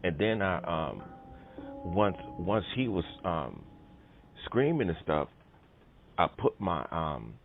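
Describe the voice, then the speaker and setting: A man's voice: deep voice, big pitch swings, slow pace, vocal fry, pauses often, a little hiss or hum. A man telling a personal story in casual conversation, rambling with many fillers and punchy sound effects. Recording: tinny phone-line audio with music behind.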